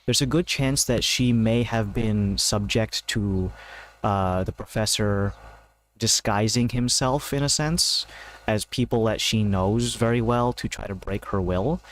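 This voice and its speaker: A man's voice: fairly low pitch, unhurried. A man narrating a homebrew tabletop game as game master, in a loose, hesitant way with many fillers. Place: home, seated in a gaming chair.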